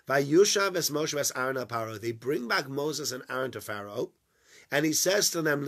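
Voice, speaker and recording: Guy teaching a torah lesson, bright voice, tells stories and acts out the bits. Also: medium pitch, moderate pace. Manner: animated storyteller, acts out dialogue.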